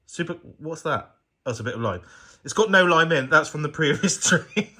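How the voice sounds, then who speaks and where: A man's voice: on the high side, animated, normal speed, pushed and bright. A tipsy man vlogging casually from his restaurant, chatty and rambling, often restarting his sentences into a handheld camera. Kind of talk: casual vlog chat. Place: restaurant, indoors.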